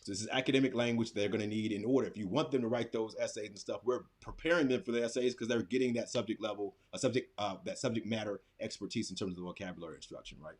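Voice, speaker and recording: Speaking quickly and barely pausing, a man with a lowish voice leads a casual instructional webinar. As a teacher presenter, he shows a classroom writing activity and thinks aloud while clicking through his screen.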